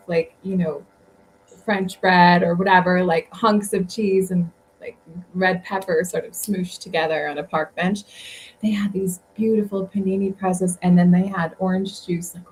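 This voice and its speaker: A woman's voice: on the low side, a little hiss or hum, low-quality recording. Chatty woman guest, rambling travel stories. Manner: chatty, rambling, lots of fillers and laughs. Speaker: guest author. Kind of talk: casual interview chat.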